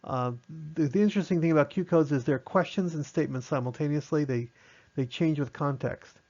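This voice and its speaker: Male radio instructor, chatty online lecture, slightly high voice, muffled lo-fi recording. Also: brisk, darkish tone. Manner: conversational, explains with acted radio exchanges.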